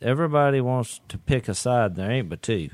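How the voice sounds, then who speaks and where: A man's voice: medium pitch, brisk, no room sound, clean studio sound. A man, a podcast co-host telling a story in casual chat and laughing along with it. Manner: animated, laughs through his own story.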